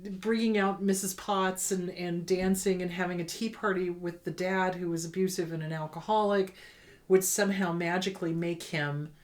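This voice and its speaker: A woman therapist with a somewhat low voice talks casually through questions sent in by viewers. She is earnest and conversational, and she often repeats words for emphasis. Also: fairly even intonation, moderate pace. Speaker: therapist hosting an advice show. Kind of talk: casual advice talk answering viewer letters.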